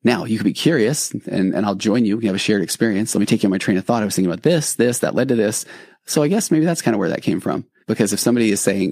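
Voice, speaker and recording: Male podcast host, reassuring and reflective, dry close sound, a touch of vocal fry. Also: on the low side, fast, darkish tone, no room sound. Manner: conversational, with frequent restarts. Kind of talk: casual podcast monologue.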